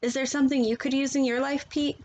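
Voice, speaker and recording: A woman's voice: high voice, little pitch movement, fast talker, darkish tone, highs cut off, pitched above the performer's own voice, close to an everyday voice. A woman voicing a cheerful, restless young male blue crab in a storybook read-aloud, with an eager, questioning manner. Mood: curious.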